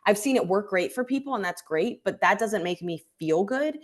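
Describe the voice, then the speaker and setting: A woman's voice: mid-range voice, lively intonation, moderate pace. A female stand-up comedian as a guest, speaking candidly and reflectively in casual conversation. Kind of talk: casual chat.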